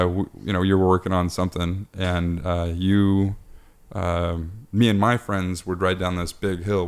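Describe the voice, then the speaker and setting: A man's voice: low voice, smooth. A man hosting a podcast with his father, telling family stories with lots of swearing and laughter. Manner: profane, laughing storyteller. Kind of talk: casual chat, family storytelling.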